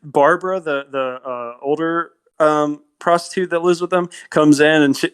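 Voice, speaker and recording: Male podcast co-host, slightly higher voice, animated casual film chat, retells scenes. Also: moderate pace, clear, resonant tone. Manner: animated retelling of scenes, frequent likes and laughs.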